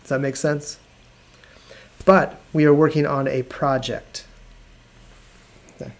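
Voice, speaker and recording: A man teaching an English lesson on a live video stream, explaining patiently and repeating words slowly. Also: fairly high pitch, level tone, creaky. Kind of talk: live online language lesson.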